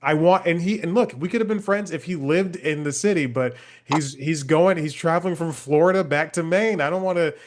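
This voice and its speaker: A man's voice: on the high side, a little fast, few pauses, a little hiss or hum. A man hosting a comedy interview podcast, telling rambling, self-deprecating stories. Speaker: podcast host, TV producer. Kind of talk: casual interview chat.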